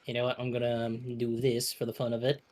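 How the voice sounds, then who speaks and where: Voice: mid-range voice, monotone, fast talker, darkish tone, faint music behind. A co-streamer chatting casually during a game stream, laughing mid-sentence. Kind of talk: casual let's-play chat.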